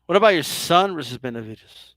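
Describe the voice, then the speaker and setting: A man hosting a comic interview, teasing his guest and repeating a jab in slow, drawn-out words. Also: on the high side, lively intonation, a bit bright, dry recording. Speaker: host.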